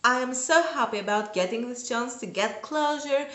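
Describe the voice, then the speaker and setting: A woman reviewing books in a casual video, gushing with enthusiastic fan excitement. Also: fairly high pitch, normal speed. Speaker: book reviewer. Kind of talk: casual book review vlog. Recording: roomy echo.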